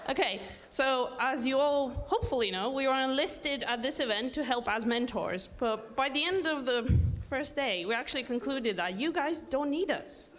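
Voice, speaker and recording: A woman's voice: high voice, moderate pace, few pauses, fairly bright tone. A woman speaking on stage for a sponsor at an event, chatty, friendly and upbeat. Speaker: sponsor representative and mentor. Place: large indoor event hall. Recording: reverberant hall.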